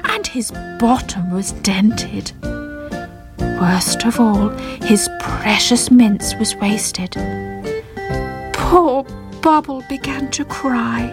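A woman narrating a children's storybook in a gentle, expressive way, with music behind. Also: a little high.

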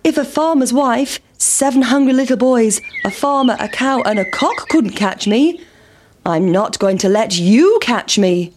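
A woman voicing a cheeky, boastful runaway pancake in a children's storybook reading, squeaky and teasing. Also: lively intonation, a little slow, darkish tone.

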